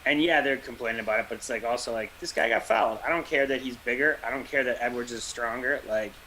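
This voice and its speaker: A man talking basketball like a longtime fan, opinionated and quick to rant, with a laugh here and there. His voice is bright and forward, with a faint hiss behind it. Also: medium pitch, rough recording. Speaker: podcast co-host. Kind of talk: casual sports chat.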